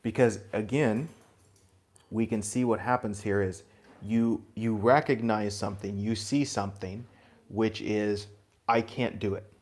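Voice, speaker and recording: A man giving a spiritual talk to a group, gentle and reflective, chuckling now and then and dropping in blunt asides. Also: lowish voice, steady tone, unhurried. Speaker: spiritual teacher.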